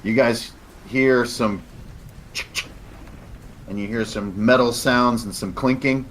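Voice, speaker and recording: A man's voice: medium pitch, fairly even intonation, takes it slowly, a bit bright, a little hiss or hum, low-quality recording. A young man narrating a tabletop game as game master, describing scenes at length. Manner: descriptive, laughs easily.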